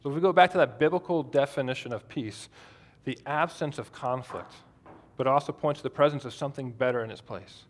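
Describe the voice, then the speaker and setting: A man's voice: medium pitch, fairly quick. A man preaching a sermon in a conversational way, asking the congregation questions. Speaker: pastor.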